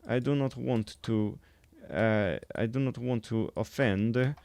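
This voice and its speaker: A man's voice: medium pitch, slow, gravelly, darkish tone. A man voicing an earnest, oversharing friend who pleads in broken English.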